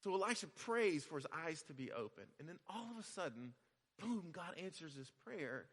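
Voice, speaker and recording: A male pastor giving a conversational sermon, repeating phrases and building to loud emphasis. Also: on the high side, sing-song, normal speed, husky, big-room sound.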